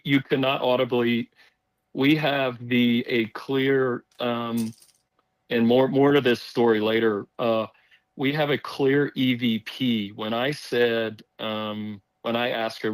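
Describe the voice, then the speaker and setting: A man telling a story on a podcast in casual chat, rambling and animated, acting out the voices of people he quotes. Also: medium pitch, dry recording, poor audio.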